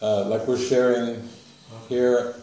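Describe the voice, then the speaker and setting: A man leading a spiritual retreat session, speaking in a gentle, unhurried way with frequent chuckles. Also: mid-range voice, level tone. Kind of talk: casual talk at a retreat. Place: retreat meeting room. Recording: echoey room, voice from far off.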